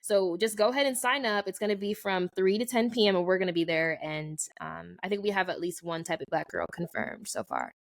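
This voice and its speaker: A young woman co-hosting a podcast, telling a story in a casual chat, lively and laughing, jumping her pitch high to act out other people. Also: brisk, vocal fry, few pauses. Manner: animated, laughing, acts out quoted voices with big pitch jumps. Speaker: podcast co-host.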